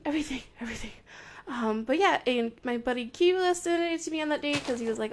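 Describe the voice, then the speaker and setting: A young woman with a high, light voice talks through her game in casual commentary. She is bubbly and playful, gushing warmly, and jumps between excited squeals and soft, murmured asides. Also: creaky, a little hiss or hum. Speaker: Minecraft video creator.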